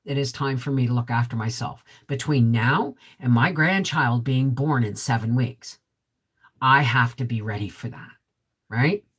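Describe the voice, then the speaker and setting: A middle-aged woman with a deep, resonant voice, hosting a casual vlog live stream. She chats straight to viewers, reads their comments and keeps asking "right?". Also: unhurried, husky. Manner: chatty, talks straight to viewers with frequent "right?". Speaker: homesteading vlog host.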